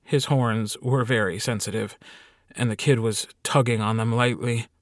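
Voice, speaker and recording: A man's voice: medium pitch, fairly even intonation, normal speed, no echo, studio quality. A man reading a short story aloud as an audiobook narrator. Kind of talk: scripted narration.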